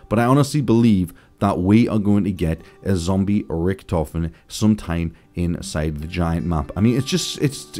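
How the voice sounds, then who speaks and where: A man with a low, warm voice talks through gaming theories to his audience, thinking out loud and growing excited as he goes. Faint guitar music plays in the background. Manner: excited, speculative, addresses viewers as guys. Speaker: gaming channel host. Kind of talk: casual gaming theory commentary.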